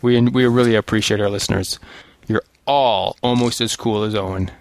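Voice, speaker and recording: A man's voice: lowish voice, steady tone, moderate pace, no room sound. Laid-back jokey man, dry sound. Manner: laid-back, jokey, reads reviews aloud. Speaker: podcast co-host. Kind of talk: casual podcast chat.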